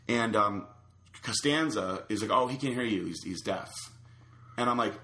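A man's voice: fairly low pitch, fast talker, slight background noise. Rambling storyteller man, echoey room. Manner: rambling, animated anecdote with many fillers. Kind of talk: casual storytelling chat.

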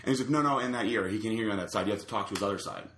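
A man's voice: lowish voice, racing, reverberant. A man telling a long rambling story in casual chat, full of fillers and restarts. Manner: rambling, animated anecdote with many fillers.

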